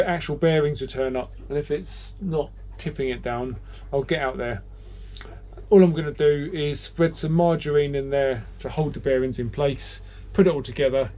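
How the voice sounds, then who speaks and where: A man's voice: fairly high pitch, highs cut off. A man with a British accent vlogging from his boat about repairs, rambling and self-mocking as he chats to his viewers. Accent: British English. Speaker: sailing vlogger. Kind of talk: casual vlog to camera.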